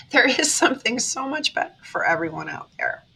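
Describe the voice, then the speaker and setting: Woman, spiritual vlogger; bright, higher voice; earnest, emotional pep talk. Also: very animated, moderate pace, creaky, breathy edge, poor audio. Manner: earnest, emotional, talks straight to viewers. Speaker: tarot reader and spiritual vlogger. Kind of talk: heartfelt motivational monologue.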